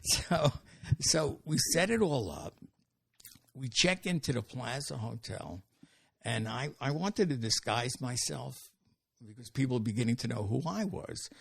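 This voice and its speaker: Older Brooklyn-born comic, gravelly and husky, dry close sound, rambling storyteller. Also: male voice, medium pitch, unhurried, no room sound. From Brooklyn, New York. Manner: animated anecdote-telling, frequent restarts. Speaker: comedian guest. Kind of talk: podcast storytelling.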